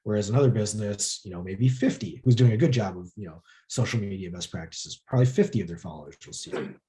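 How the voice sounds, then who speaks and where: A man with a mellow, rounded voice runs an informal workshop for a small group. He talks loosely and easily, filling his sentences with casual filler words as he explains. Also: fairly low pitch, quick pace. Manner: relaxed, lots of filler words. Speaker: social media workshop presenter.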